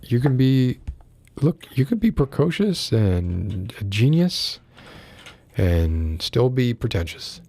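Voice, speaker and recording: A man's voice: medium pitch, sing-song, takes it slowly, gravelly, warm tone. A man hosting a casual livestream, reading philosophy aloud and breaking off to ramble and greet viewers in the chat.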